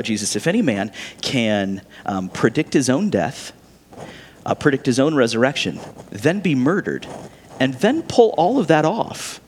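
Guy pastor preaching, pretty high voice, chatty, lots of "right?" to the crowd, long echo in the church. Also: fairly bright tone. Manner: conversational, often asks the congregation questions. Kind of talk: sermon.

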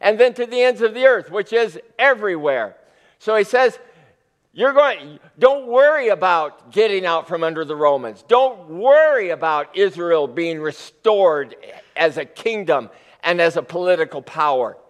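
A man preaching a sermon as a pastor, telling the story with animated emphasis and acting out the quoted lines. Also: high-pitched, unhurried, big-room sound.

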